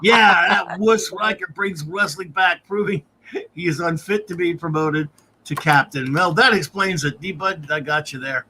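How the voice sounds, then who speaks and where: A man's voice: a little high, normal speed, noisy background. A man hosting a casual live-stream review, reading out viewer comments and grades and chuckling often. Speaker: podcast host.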